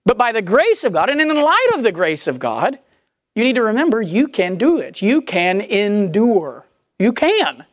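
A woman preaching a sermon in a conversational, animated way, acting out the voices she quotes. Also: mid-range voice, moderate pace, no room sound, studio quality.

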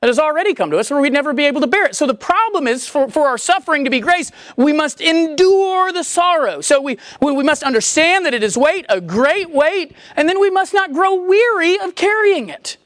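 Lively, high-voiced woman preaching. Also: a little fast, hardly any pauses, no echo. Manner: animated, conversational preaching that acts out quoted voices. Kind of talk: sermon.

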